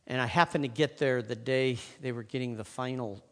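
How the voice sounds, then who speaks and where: A man telling a personal story, speaking haltingly with fillers and restarts. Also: mid-range voice, fairly bright tone. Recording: long hall reverb.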